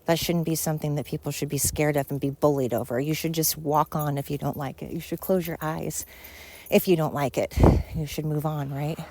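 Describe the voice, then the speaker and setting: Earnest, low-voiced woman podcaster rambling. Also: mellow. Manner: earnest, rambling, emphatic with many fillers. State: slightly winded. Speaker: podcast host. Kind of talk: casual monologue.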